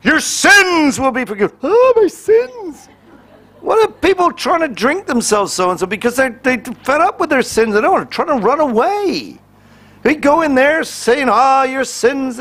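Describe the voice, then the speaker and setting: High, lively man preaching. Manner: conversational and humorous, acting out little quoted exchanges. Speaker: pastor. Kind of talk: sermon.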